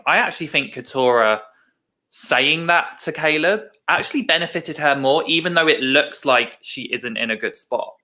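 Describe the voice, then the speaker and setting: A man's voice: medium pitch, sharp tone. A man co-hosting a podcast, thinking aloud and correcting himself in casual discussion. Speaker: podcast co-host.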